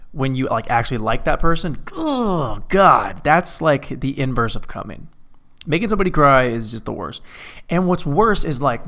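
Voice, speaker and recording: A man's voice: medium pitch, a bit bright. A man alone in an empty apartment, talking through a rambling, profane comedic monologue full of restarts.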